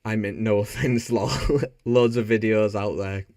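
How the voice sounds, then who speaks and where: A man's voice: lowish voice, little pitch movement, measured pace, darkish tone, dry recording, studio quality. A man from Bradford with a Yorkshire accent, chatting casually and jokily on a live stream while he reads out viewer comments. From Bradford, England. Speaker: motorbike streamer.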